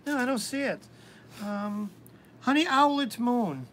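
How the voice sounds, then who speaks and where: A woman hosting a live-stream tarot reading, talking hesitantly with many pauses and ums. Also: on the high side, expressive, a little hiss or hum.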